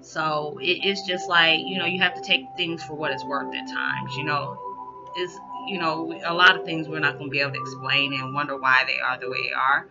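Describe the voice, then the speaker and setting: A woman's voice: low-pitched, fairly quick. Woman, 40s, casual rambling vlog talk, lo-fi sound. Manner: rambling, conversational, many "you know" fillers; animated, rising loud when acting out reactions. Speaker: spiritual vlogger. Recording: dull lo-fi audio with background music.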